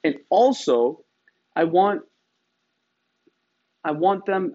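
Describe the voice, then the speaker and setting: A man's voice: a little high, animated, moderate pace. A man from Iran telling a story in a wry, emphatic way, often adding rhetorical tags. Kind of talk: casual storytelling. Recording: slightly dull, lo-fi sound.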